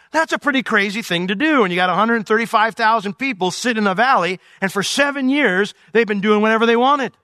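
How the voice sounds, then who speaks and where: A man teaching through a Bible passage verse by verse, swinging between loud emphatic points and quiet asides. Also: high voice, animated, a little fast, no echo, studio quality. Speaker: pastor.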